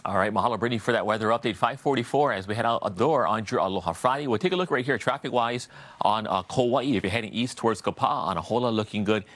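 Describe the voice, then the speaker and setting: A man, an anchor giving a brisk, upbeat live traffic report on a morning broadcast. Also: on the low side, a bit bright. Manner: brisk, upbeat, uses local Hawaiian words. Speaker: news anchor reading traffic.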